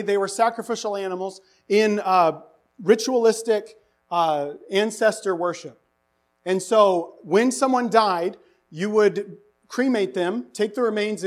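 A man preaching a sermon, animated and asking the congregation rhetorical questions, his voice rising to near-shouts for emphasis. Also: sits high. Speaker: pastor.

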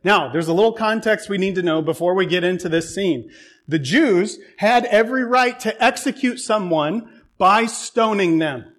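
High-voiced man preaching a lively sermon. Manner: lively storytelling with humor and irony.

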